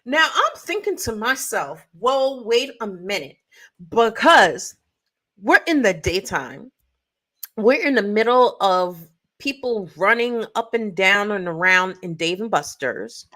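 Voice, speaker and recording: A woman's voice: mid-range voice, big pitch swings, a little slow, bright, forceful tone. A woman co-hosting a casual podcast, telling stories animatedly with playful sound effects. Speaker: podcast co-host. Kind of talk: casual chat.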